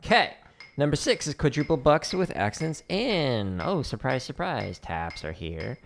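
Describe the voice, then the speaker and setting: Unhurried and medium-pitched, this man's voice swings hugely in pitch as he leads a casual drumming practice stream from home. He counts the beats aloud and makes playful side comments to himself. Loud drum clicks and taps run behind him, along with a little hiss or hum.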